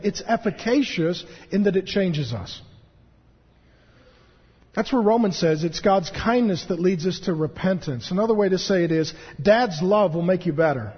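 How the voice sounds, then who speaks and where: A man in his thirties preaching a sermon as a pastor, animated and joking as he tells stories. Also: high-pitched, moderate pace, breathy edge. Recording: dull, echoey hall recording.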